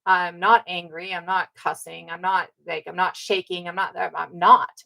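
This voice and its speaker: Woman talking casually, kinda gravelly, keeps hammering her points and saying "right?". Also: on the low side, normal speed, pushed and bright, rough recording. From North America. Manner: emphatic, repeats points, often asks "right?". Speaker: speaker on ancestry and community. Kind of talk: casual spoken talk.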